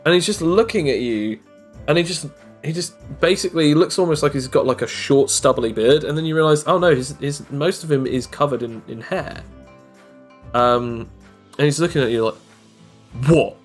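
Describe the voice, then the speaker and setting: A man narrating as game master of a tabletop game, talking quickly and often repeating words as he goes. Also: a little high, faint music behind.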